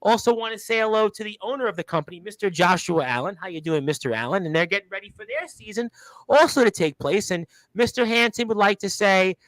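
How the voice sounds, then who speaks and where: A fast-talking radio host from Brooklyn, New York, with a high-sitting, slightly bright voice, runs a casual interview and reads out listener comments. He rambles and leans heavily on fillers, and there's no room sound.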